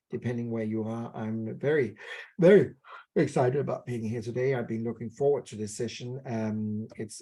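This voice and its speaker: A man giving a keynote lecture on negotiation, asking the audience questions and sometimes stumbling over and repeating his words. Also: fairly high pitch. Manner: lively, asks the audience questions. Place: remote keynote session.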